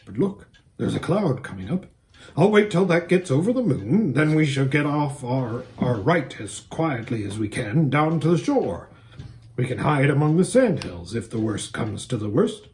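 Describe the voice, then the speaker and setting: A man's voice: medium pitch, sing-song, normal speed, darkish tone. A man voicing a proud, anxious male talking warhorse in a storybook reading, earnest and worried in tone. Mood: cautious.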